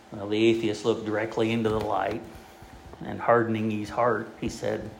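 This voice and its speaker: A man preaching a sermon in a folksy, halting way, with many fillers and restarts as he tells a joke. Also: lowish voice, monotone, creaky, echoey room, slight background noise, low-quality recording.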